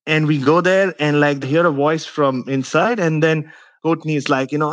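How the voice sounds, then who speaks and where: A man, a guest journalist, telling a story in a casual podcast chat, lively and full of fillers, acting out the voices of the people he quotes. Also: a little high, normal speed, no room sound, lo-fi sound. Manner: animated, acts out quoted voices, filler-heavy.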